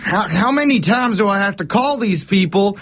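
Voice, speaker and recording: Animated male radio prank caller. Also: high-pitched, normal speed, no room sound, muffled recording. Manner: mock-exasperated, playing a cranky caller. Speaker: radio host. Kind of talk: morning radio prank call.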